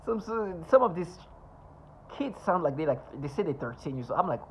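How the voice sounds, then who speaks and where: A man's voice: fairly high pitch, animated, slight background noise, rough recording. A man talking to camera in a rambling monologue, scornful and sarcastic, often stopping and restarting. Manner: halting, with many restarts and asides. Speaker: vlogger.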